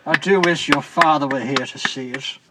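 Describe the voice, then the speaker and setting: A man's voice: a little high, normal speed, heavy background noise, lightly acted. A man voicing a fussy, doting posh mother with a mock British accent in an improvised comedy podcast. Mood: gushing. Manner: gushing, fluttery posh tone.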